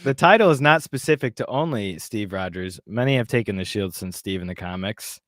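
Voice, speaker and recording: A man's voice: on the low side, lively intonation, brisk, no room sound, clean studio sound. A man hosting a casual podcast chat, reading an article aloud in a mocking tone with many fillers. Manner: mocking, with frequent fillers and laughs. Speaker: podcast host.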